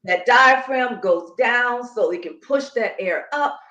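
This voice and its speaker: A woman's voice: fairly high pitch, slow, pushed and bright, highs cut off. A woman who coaches Pilates and breathing, explaining emphatically in a conversational interview. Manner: emphatic, instructive, demonstrating as she explains. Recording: echoey room.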